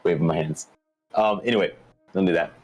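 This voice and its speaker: A man's voice: sits low, moderate pace, a little mellow, soft background music, rough recording. A man playing a tabletop game, talking casually and hesitantly with many fillers. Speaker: player.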